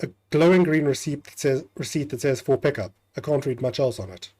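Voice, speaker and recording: A man's voice: medium pitch, brisk, mellow. A man streaming a game, chatting casually, reading on-screen text aloud and swearing now and then. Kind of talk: casual gameplay commentary.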